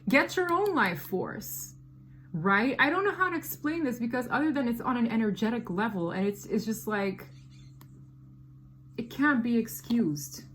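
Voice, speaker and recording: Woman doing a tarot reading, slangy and emphatic, voice a bit high, little hiss behind her. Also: normal speed. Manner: animated, slangy, emphatic storytelling. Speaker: tarot reader. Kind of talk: casual tarot reading to camera.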